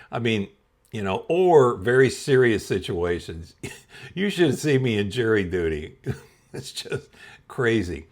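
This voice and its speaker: A man hosting a podcast and telling a comedic personal story, chuckling often as he goes. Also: mid-range voice. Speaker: podcast host.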